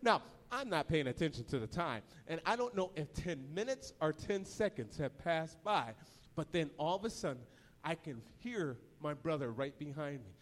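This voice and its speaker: A young man telling a dramatic, animated story in a sermon to a large audience in a church hall. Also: fairly high pitch. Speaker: preacher. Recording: long hall reverb.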